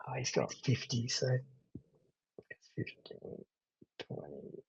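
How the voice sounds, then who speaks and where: A man's voice: mid-range voice, creaky, sharp tone, husky. A man narrating as game master, chatty, laughing often and wandering off into digressions.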